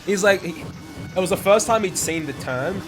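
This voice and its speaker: A man's voice: high-pitched, lively intonation, normal speed, music in the background. Young male streamer; casual, profane, rambling chat while playing. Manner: swears often, rambling anecdotes with fillers. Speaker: speedrunner streaming and chatting.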